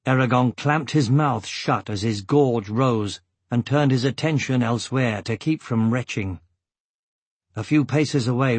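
A man reading a story aloud as narrator, in a slow, deliberate, dramatic manner. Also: medium pitch, slightly rough, no echo. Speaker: audiobook narrator. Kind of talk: scripted narration.

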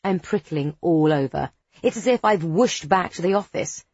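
Woman narrator, first-person novel, lively pitch, expressive, dry close sound. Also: moderate pace, breathy edge, no echo, lo-fi sound. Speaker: audiobook narrator.

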